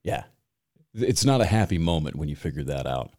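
A low-pitched man with a Michigan accent hosts a casual podcast, rambling through stories and swearing freely. His voice is dry and close to the mic. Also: very animated, a little fast, a little mellow, dry recording. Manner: profane, rambling, storytelling. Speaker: podcast host. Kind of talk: casual chat.

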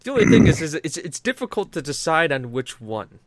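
A man hosting a podcast, chatting casually in an animated, sweary way with frequent restarts. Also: on the high side, fairly quick, noisy background. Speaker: podcast host.

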